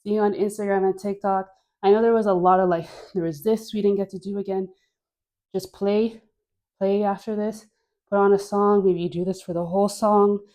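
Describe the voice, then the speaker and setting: A woman's voice: medium pitch, steady tone, moderate pace, dark tone. A woman leading a guided dance class, encouraging and playful, often laughing, talking while she dances with a mic on. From Caribbean. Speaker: dance instructor. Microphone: wearing a mic.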